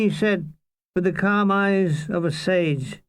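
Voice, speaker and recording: A man narrating his own war memoir as an audiobook, with deadpan, irreverent comic delivery. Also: high voice, slow, dry recording.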